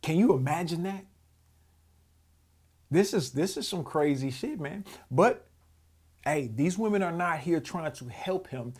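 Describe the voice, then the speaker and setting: A man hosts a podcast and reacts to a clip, his casual commentary heated, profane and full of repeated words as he restarts. His voice is on the high side, expressive, a little mellow and husky, moving a little slowly with long pauses.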